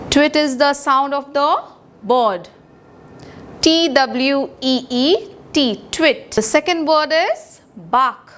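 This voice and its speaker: Woman primary teacher, Indian English accent, high voice, very slow and deliberate, spells words aloud for small children. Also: slight background noise. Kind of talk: recorded English lesson for young children.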